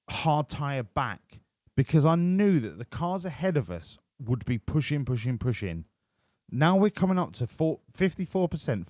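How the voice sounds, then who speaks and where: A man's voice: mid-range voice, darkish tone, no echo. A man giving casual, sweary, joking commentary while live-streaming a racing management game.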